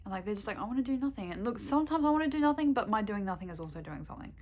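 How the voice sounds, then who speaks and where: A woman's voice: mid-range voice, big pitch swings, racing. Young woman vlogger, casual chat, candid, swears a lot, laughs often.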